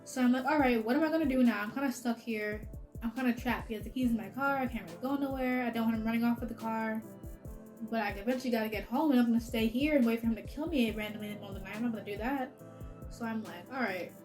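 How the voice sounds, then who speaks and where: A young woman with a somewhat high voice recounts a story in casual storytime fashion. She rambles with plenty of filler words and ready laughs. Soft music plays faintly underneath. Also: fast talker. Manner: chatty, heavy use of filler "like", laughs often. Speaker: vlogger.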